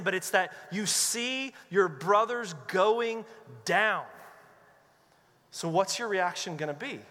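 A man preaching with a high, bright and forceful voice. He tells his stories with animation and slips into the voices of the people he quotes. His sermon rings out with the long reverb of a church hall. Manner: animated storyteller who acts out quoted voices. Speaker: pastor.

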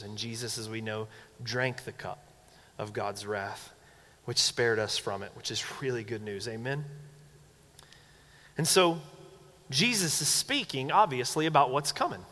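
A young man preaching a sermon as a pastor, animated, acting out quoted voices with big swings in pitch. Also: a little slow. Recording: long hall reverb.

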